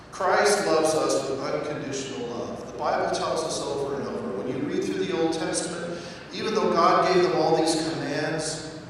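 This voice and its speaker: A man's voice: a little high, noisy background. A male pastor giving a casual, joking sermon, talking straight to the congregation. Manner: conversational, joking, addresses the congregation directly. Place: church sanctuary. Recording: echoey church hall, mic at a distance.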